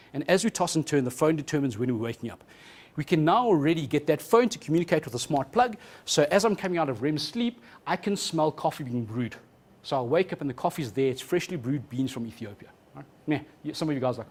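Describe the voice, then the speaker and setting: Fast-talking, joking male keynote speaker. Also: fairly high pitch. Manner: fast, joking, quizzes the audience. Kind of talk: live keynote talk. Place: conference stage before an audience.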